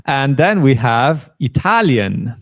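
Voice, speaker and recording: A man runs a beginner language lesson at a patient, even pace. He explains each sound slowly and prompts his learner to say every word back. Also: mid-range voice. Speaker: German teacher.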